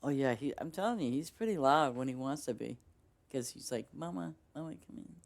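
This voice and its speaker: A woman's voice: extremely low pitch, expressive, a little fast. A woman game streamer chatting casually with her viewers as she signs off, rambling with lots of fillers and restarts. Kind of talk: casual stream sign-off chat.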